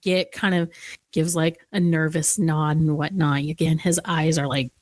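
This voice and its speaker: A woman's voice: low voice, fairly even intonation, a little slow, no room sound. A woman narrating a tabletop role-playing game as game master, casual and descriptive, laughing easily.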